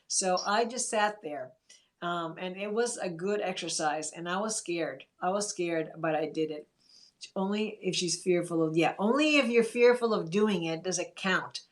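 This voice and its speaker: A woman's voice: on the low side, moderate pace. A woman hosting a casual livestream, chatting in an encouraging way and reading viewer comments aloud. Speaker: livestream host.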